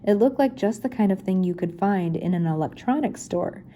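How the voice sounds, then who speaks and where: A woman's voice: mid-range voice, lively intonation, normal speed, mellow, a little hiss or hum, natural voice. An older woman reading aloud, giving a confident young man's lines in her own voice. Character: confident young man leading the gang.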